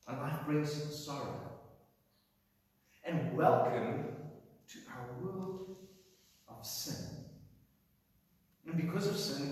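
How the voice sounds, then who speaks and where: A man preaching a sermon, telling a story with lively voices for the crowd and slipping from playful to somber. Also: on the high side. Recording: very echoey hall, mic far off.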